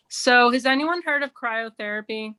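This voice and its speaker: At a remote open mic streamed over video, a stand-up comedian with a fairly high, bright voice and a forceful tone delivers a wry, chatty set sprinkled with lots of "like"s.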